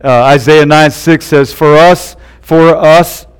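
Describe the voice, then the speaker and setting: A man's voice: fairly high pitch, steady tone, slow, clean tone. A male pastor preaching a sermon who keeps tagging his points with "right?" and "amen?". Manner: tags lines with "right?" and "amen?".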